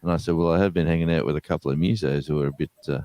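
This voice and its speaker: A man's voice: a bass voice, fairly even intonation, very fast, warm tone, dry recording. A middle-aged man, chatting casually on a live stream and telling stories with slang. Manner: storytelling with slang and quoted voices.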